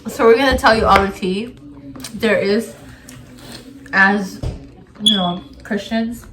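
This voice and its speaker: A young woman hosting a casual chat show, giggly and lively as she asks her guest questions. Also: medium pitch, slow pace. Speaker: channel host. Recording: echoey room, mic a bit far, faint hiss.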